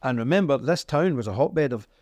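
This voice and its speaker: This middle-aged Northern Irish interviewee has a darkish tone, lively intonation, and a brisk pace, heard in clean studio sound with no room noise. He narrates history emphatically in a storytelling manner, his pitch swinging throughout the conversational interview.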